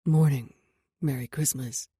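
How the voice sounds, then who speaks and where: Deep-voiced rich man as a woman puts him on, teasing, smooth, low, breathy edge, audiobook. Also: steady tone, measured pace, warm tone, no room sound, clean studio sound, full character voice.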